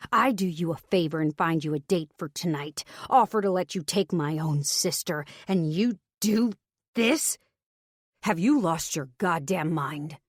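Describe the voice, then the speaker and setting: A woman voicing a furious, protective older brother in an audiobook, speaking low and slow through clenched anger. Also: no echo, studio quality.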